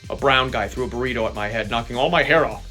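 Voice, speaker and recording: A man playing a vengeful villain in a comedy sketch, telling his origin story and rising into a shouted sing-song rant. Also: medium pitch, fast talker, faint music behind, close to an everyday voice. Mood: mock solemn.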